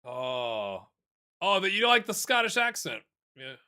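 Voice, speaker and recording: A man commentates a football management game for his viewers, chatty and quick to get excited. His voice rides up and down with lively swings, and it sounds bright and a little forceful throughout. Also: sits high, clear, resonant tone. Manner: excitable, chatty, talks to viewers and players as lads. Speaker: gaming YouTuber. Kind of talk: casual let's-play commentary.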